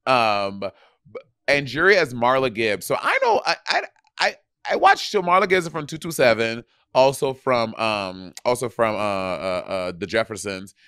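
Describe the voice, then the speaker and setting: A male podcast co-host chats casually, rambling with many restarts and fillers. His medium-pitched voice swings widely in pitch, is a little slow, and has a sharp, clean tone, recorded in a clean studio with no room sound.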